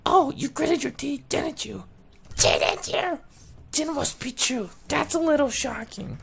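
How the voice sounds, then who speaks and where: A man voicing a surprised young girl companion in a high falsetto, reading game dialogue aloud. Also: animated, a little slow, vocal fry, a bit bright, slight background noise, exaggerated voice. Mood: shocked.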